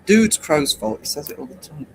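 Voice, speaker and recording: An English man in his fifties hosting a casual late-night livestream, rambling and hesitant with many pauses. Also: on the high side, animated, creaky, a little hiss or hum, low-quality recording. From England. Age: 50s. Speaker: livestream host.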